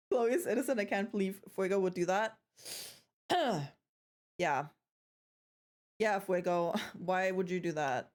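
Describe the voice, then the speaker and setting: A young woman chats casually on a live stream, teasing her viewers and swearing freely. Her voice sits at a middle pitch, and she often trails off and starts her sentences again. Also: measured pace, pauses often. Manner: playful, chatty, swears freely, trails off and restarts.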